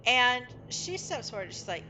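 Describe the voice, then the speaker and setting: A woman's voice: fairly high pitch, very animated, normal speed, bright, forceful tone, a little hiss or hum. A woman narrating as game master of a tabletop game in a casual, descriptive way, with many fillers.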